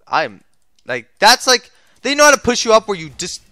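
A young man giving profane play-by-play while gaming, muttering low and then yelling and trash-talking his teammates. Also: big pitch swings, moderate pace, clean tone, no echo, clean studio sound. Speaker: gamer streaming his play. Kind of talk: profane gameplay commentary.

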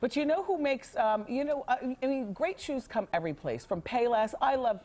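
Woman, talk show host, casual studio chat, emphatic, playful, swooping pitch. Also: expressive, brisk, a little mellow. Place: TV news studio.

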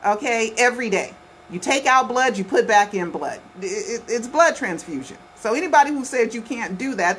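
Woman vlogging at home, kinda high voice, keeps going "okay? right?", faint hiss behind. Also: expressive, moderate pace, a bit bright. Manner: insistent, repeats herself, lots of "okay" and "right". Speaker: conspiracy documentary vlogger. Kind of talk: casual talk to camera.

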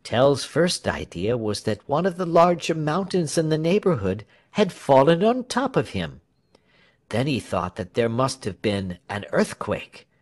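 A man reading a storybook aloud as narrator. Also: medium pitch. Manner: slow, lively storytelling with shifting character voices. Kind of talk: storybook reading with acted voices.

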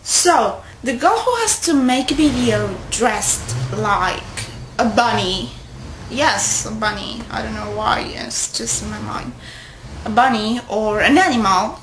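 A young woman vlogging casually to her friends, rambling and excitable, often stopping to correct herself. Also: on the high side, measured pace, creaky, background noise. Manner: rambling, excitable, with self-interruptions. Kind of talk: casual chat to camera. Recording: echoey room.

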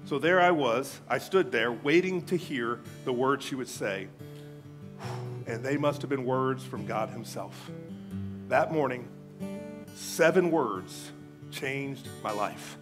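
A man preaching a sermon, telling a story earnestly and then leading a hushed, reverent prayer. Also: medium pitch. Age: adult, old enough to have grown up past second grade. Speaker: pastor. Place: church service. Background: soft guitar music.

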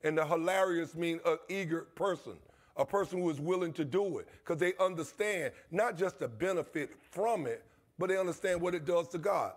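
Passionate husky man preaching. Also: sits high, brisk. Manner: passionate, call-and-response preaching with repetition. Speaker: pastor. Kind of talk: sermon. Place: church sanctuary.

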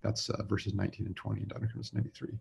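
A man from Utah speaks in a deep, flat, gravelly voice, giving a recorded symposium lecture on doctrine. His tone is dark and husky, and he talks in an easygoing, self-deprecating way, often stopping to restart with "uh" and "um.". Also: racing. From Utah, USA. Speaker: religion professor giving a symposium talk. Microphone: remote talk recording with screen share.

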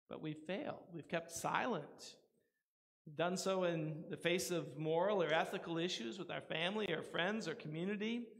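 A man preaching a sermon as pastor, earnest, rising for emphasis and dropping to a hush. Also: on the high side, vocal fry. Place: church sanctuary. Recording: long church reverb.

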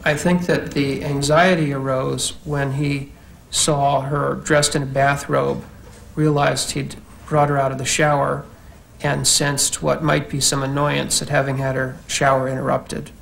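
A male psychiatrist testifies in court in a careful, clinical way. His voice is gravelly and flat, with little rise or fall, and faint room noise sits behind him. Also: mid-range voice, a little slow, low-quality recording. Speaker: psychiatrist, expert witness.

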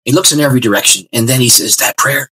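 A man's voice: mid-range voice, very fast, breathy edge, rough recording. A man guest on an interview show, telling a personal story and acting out the dialogue. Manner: lively, expressive storyteller who acts out dialogue. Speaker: guest pastor.

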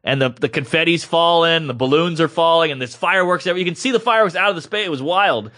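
A man co-hosting a podcast, telling a comedic story in a casual, animated way and acting out the voices of the people in it. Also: on the high side, fast talker. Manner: animated, acts out quoted voices. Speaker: podcast co-host.

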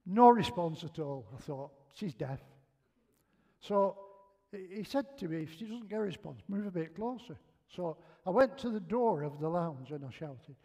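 A man's voice: high voice, big pitch swings, measured pace, long pauses, dark tone, dull audio. An older man with a Northern English accent, preaching in a chatty, self-mocking way and acting out the lines of his own stories. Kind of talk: humorous sermon storytelling. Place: church hall.

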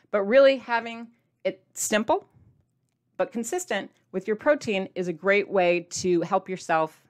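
A woman talking straight to her viewers in a casual vlog, chatty and playful, with sudden jumps in pitch for emphasis. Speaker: diet vlogger addressing viewers.

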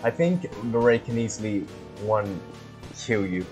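A gaming video host gives casual let's-play commentary, laughing often and letting out panicky repeated cries whenever he is chased. His lowish voice is expressive and a little slow, with music playing behind him.

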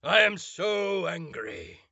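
A man voicing a hammy, theatrical character in a booming, exaggerated manner. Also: big pitch swings, takes it slowly, creaky, bright, forceful tone, no room sound, dull audio, exaggerated voice. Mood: angry.

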